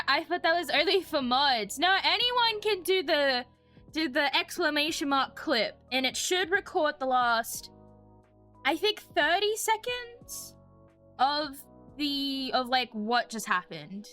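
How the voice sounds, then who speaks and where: A woman's voice: high voice, very animated, takes it slowly, sharp tone, soft background music. A woman streaming a story game, giggly and self-mocking, reading the narration aloud and chatting.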